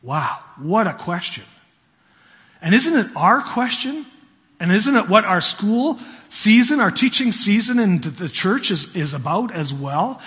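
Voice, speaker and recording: High-voiced male pastor in reverberant hall. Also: sing-song, unhurried, fairly bright tone. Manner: conversational, with emphatic swells on key words. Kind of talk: sermon. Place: church sanctuary. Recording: reverberant, muffled church hall sound.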